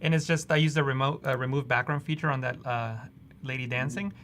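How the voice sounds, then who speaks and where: A male guest designer in casual chat, often chiming in with quick agreeing remarks. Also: medium pitch, fairly even intonation, a bit bright, slight background noise.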